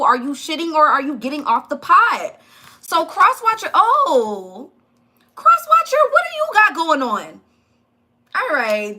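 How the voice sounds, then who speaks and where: A woman's voice: sits high, pushed and bright. A woman giving a live tarot reading, chatty and blunt, talking straight to her viewers. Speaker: tarot reader.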